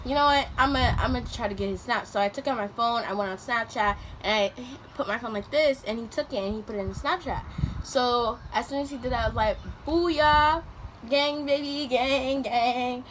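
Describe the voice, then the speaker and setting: Animated young woman vlogger. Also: fast. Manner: animated, slangy, acts out quotes with sudden loud pitch jumps. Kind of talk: casual storytelling to camera. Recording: noticeable background noise.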